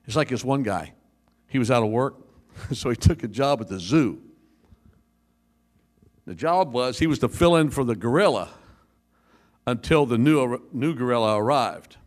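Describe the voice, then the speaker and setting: A man preaching a sermon as pastor, telling jokes and stories in a lively way. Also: a little high.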